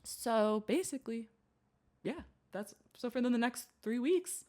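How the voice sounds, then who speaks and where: A woman's voice: on the high side, expressive, a little slow, darkish tone. A young woman guest on a podcast, telling a long story in casual chat, acting out quotes, laughing often and swearing.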